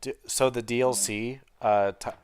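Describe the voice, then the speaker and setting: A man's voice: mid-range voice, steady tone, moderate pace, a little hiss or hum. A young man who hosts a video channel, chatting casually on a voice call, hesitant and eager, with many fillers. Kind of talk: casual chat over a voice call.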